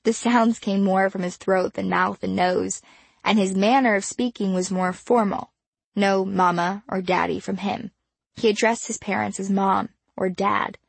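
Gravelly-voiced woman narrating a story. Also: medium pitch, dry recording. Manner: measured, expressive storytelling. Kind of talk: audiobook narration.

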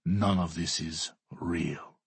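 A man's voice: low voice, level tone, measured pace, slightly rough, no room sound, full character voice. A man voicing a cold, arrogant Russian man who talks in a sneering, dismissive way. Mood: contemptuous.

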